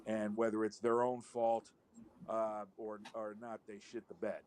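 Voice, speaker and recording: A man's voice: fairly low pitch, level tone, measured pace, a little mellow, clean tone. A man on a live call-in show, rambling wryly in casual chat and swearing now and then.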